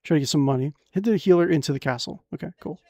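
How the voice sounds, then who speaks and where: A man's voice: on the high side, rapid-fire, gravelly, dry recording, studio quality. A young man streaming a fantasy adventure game, reading its text aloud and cracking crude jokes. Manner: excitable, jokey, reads game text aloud with crude asides. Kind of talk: casual gameplay commentary.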